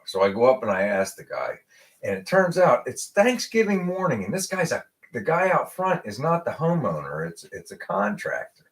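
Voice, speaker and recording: Host, American man, low voice with wide swings, animated storyteller in casual chat. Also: moderate pace. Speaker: podcast host.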